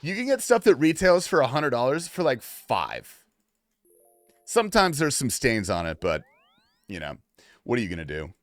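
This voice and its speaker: This gaming livestreamer has a mid-range voice, a moderate pace, and frequent pauses, and he swears casually while reacting to the game and his chat. He moves between muttered asides and excited outbursts. The recording is dry, with soft background music.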